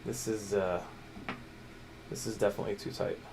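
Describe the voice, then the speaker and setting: A man speaks with a fairly low pitch and flat delivery at normal speed against a noisy background. Livestreaming as he builds a drone at his workbench, he chats casually, keeps it loose and jokey, and mutters to the parts as he goes.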